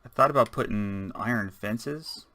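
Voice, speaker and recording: A man's voice: fairly low pitch, moderate pace, pushed and bright, no echo. A man giving rambling, casual let's-play commentary, chatting and muttering to himself as he builds. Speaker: gaming channel host.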